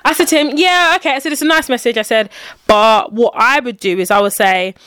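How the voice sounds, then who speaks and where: A woman's voice: on the high side, expressive, fairly quick, fairly bright tone, clean tone, no room sound. A young woman tells a story in casual conversation. She acts out the messages she quotes as she goes, and the recording is close and dry with no room sound. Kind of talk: casual chat.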